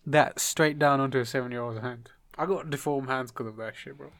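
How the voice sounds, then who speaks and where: A man's voice: medium pitch, fairly quick, a bit bright. A young man, trading crude, teasing banter in casual chat.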